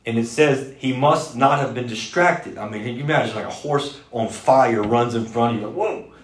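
A man preaching a sermon, telling the story fast and with energy, now and then shouting out lines in character. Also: medium pitch, a little hiss or hum. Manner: energetic, fast-talking storyteller with bursts of loud mimicry. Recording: echoey room.

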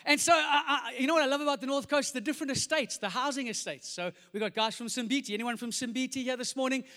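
Pastor guy preaching, high voice, funny storyteller, long echo in the church. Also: fast. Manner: energetic, jokey, acts out voices. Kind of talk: sermon with comic storytelling. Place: large church hall. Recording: reverberant church hall.

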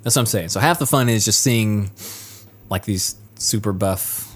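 A man's voice: fairly low pitch, moderate pace, slightly rough. A man co-hosting a podcast in casual chat, rambling and often searching for words. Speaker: podcast co-host.

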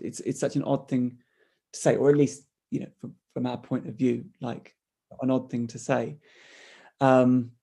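Man, mid-pitched voice, casual analytical chat, thinking aloud with restarts. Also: creaky, warm tone. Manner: thoughtful, with frequent restarts. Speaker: podcast co-host discussing a play.

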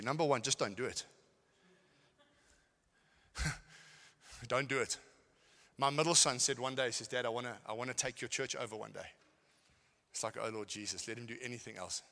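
A middle-aged man preaches to a congregation, his very bright, ringing voice carrying through a large hall with a long echo. He tells stories, then drops into quiet, wry asides between shouted lines. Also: mid-range voice, fairly quick, pauses often. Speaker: pastor. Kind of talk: sermon.

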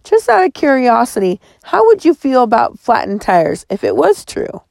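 A bold young girl, urgent and cheeky, her voice pitched up high and lifted, as a woman reads her in a storybook. Gravelly fry runs under the girlish tone. The recording is close and dry. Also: huge pitch swings, moderate pace, darkish tone, no room sound, exaggerated voice. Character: spirited young girl, bold and quick-witted.

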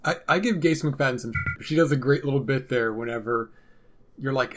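A man's voice: mid-range voice, normal speed, a little hiss or hum. A man co-hosting a casual podcast about a TV episode, making dry, sarcastic jokes. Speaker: podcast co-host.

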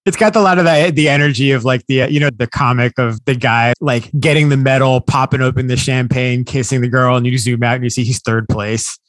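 Joking podcast host, dry close sound. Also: male voice, mid-range voice, fairly even intonation, no room sound. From United States. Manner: rambling, jokey, quick asides. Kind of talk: casual comedic chat.

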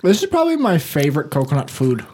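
Animated man, lively co-host. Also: fairly high pitch, fast, husky. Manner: enthusiastic, swears casually. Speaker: podcast co-host. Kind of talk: casual chat.

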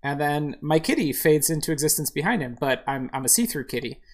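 Low-voiced woman narrating a game. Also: animated, a little fast, slight background noise. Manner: describes the screen, with fillers. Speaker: game streamer. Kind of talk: casual let's-play narration.

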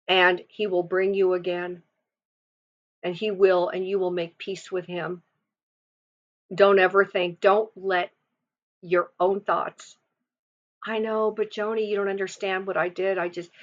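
A woman's voice: fairly low pitch, fairly bright tone. A woman preaching a sermon, explaining scripture with emphatic, swelling delivery. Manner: emphatic, rising and falling for emphasis. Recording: slightly dull lo-fi sound.

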